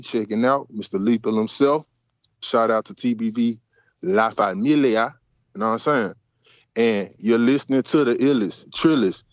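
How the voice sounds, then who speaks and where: A man's voice: mid-range voice, dry recording, lo-fi sound. A man co-hosting a boxing podcast, signing off in swaggering, slangy hype talk. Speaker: podcast co-host. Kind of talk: casual podcast sign-off.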